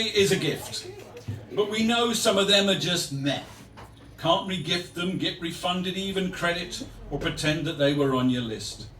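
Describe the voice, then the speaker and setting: A man's voice: on the high side, roomy sound, far from the mic, background noise. Wry male poet reading live. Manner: wry, playful, self-mocking humour. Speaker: performance poet. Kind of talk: live poetry reading with banter. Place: live venue with audience.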